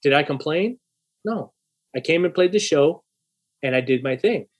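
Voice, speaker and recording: A man's voice: fairly high pitch, moderate pace. A young man casually telling a story, swearing freely and acting out a heated argument in quoted dialogue. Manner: profane, animated, acts out heated dialogue.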